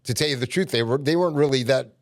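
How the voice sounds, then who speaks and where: A man's voice: mid-range voice, very fast, no echo. Man telling a rambling story, dry sound. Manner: rambling, colloquial, mildly profane. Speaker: podcast guest or host. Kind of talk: casual storytelling on a podcast.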